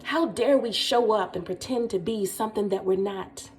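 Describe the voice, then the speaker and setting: A woman's voice: medium pitch, moderate pace, darkish tone, faint music behind. A woman speaking to camera from her home kitchen, earnest and impassioned, repeating rhetorical questions for emphasis. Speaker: speaker sharing a personal reflection. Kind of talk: impassioned personal monologue to camera.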